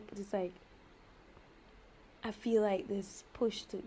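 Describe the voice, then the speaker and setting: A woman's voice: mid-range voice, steady tone, slow pace, pauses often, mellow, a little hiss or hum. A young woman vlogging in a rambling, emotional monologue, frustrated and swearing as she talks.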